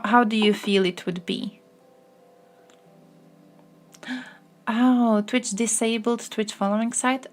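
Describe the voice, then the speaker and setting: A woman's voice: medium pitch, creaky. A young woman from the Balkans, live-streaming casual chat, reacting to news and chat with crude jokes and frequent laughter. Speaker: livestreamer.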